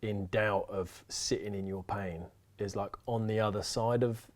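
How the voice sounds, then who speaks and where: Earnest podcast host, lowish voice. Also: male voice, fairly even intonation, unhurried. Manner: earnest, affirming, frequent "mm" responses. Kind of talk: casual interview.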